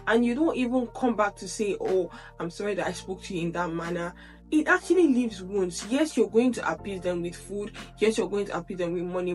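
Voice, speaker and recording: A woman in earnest, conversational talk to camera, now and then circling back over her own words. Her pitch sits in the middle, and soft music runs quietly underneath. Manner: earnest, conversational, repeats herself while thinking. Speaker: video creator. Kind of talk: casual reflective talk to camera.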